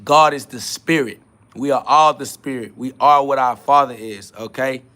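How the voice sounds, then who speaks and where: A man's voice: medium pitch, normal speed, sharp tone. A man hosting a spiritual podcast, answering chat comments in a casual, emphatic preaching style with street slang and repeated catchphrases. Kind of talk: casual self-affirmation sermon.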